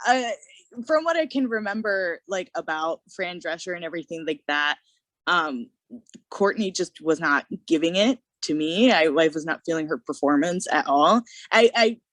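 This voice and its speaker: Woman on a podcast, kinda low voice, opinionated and expressive, dry sound. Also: a little slow, no echo. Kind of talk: casual chat.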